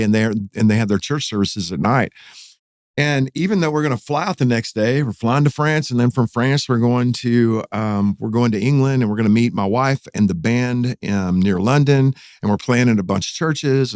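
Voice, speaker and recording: Speaking fairly quickly, a middle-aged pastor with a Texan accent recounts a dramatic tale in a relaxed podcast chat. His medium-pitched voice grows more animated and excited as the story unfolds, captured in clean studio audio with no echo.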